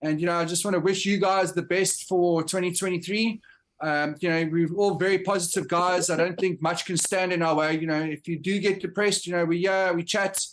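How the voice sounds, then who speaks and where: A man speaking as a guest in a casual chat, halting with many fillers and restarts. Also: high voice, fairly even intonation, fairly bright tone. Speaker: guest, entrepreneur. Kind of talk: casual chat among friends.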